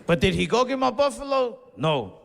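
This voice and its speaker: A man's voice: high-pitched, big pitch swings, normal speed, vocal fry, background noise. A young man doing a stand-up comedy set, telling stories in a laid-back way and acting out his own outbursts. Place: comedy venue, large hall. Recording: live hall reverb, faint crowd ambience.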